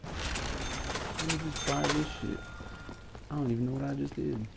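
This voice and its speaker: A man's voice: medium pitch, fairly even intonation, unhurried. A young man chatting casually and swearing while playing a video game with a friend. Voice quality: gravelly, swearing and laughing often. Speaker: gamer. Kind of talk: casual gaming banter. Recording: noisy game audio behind.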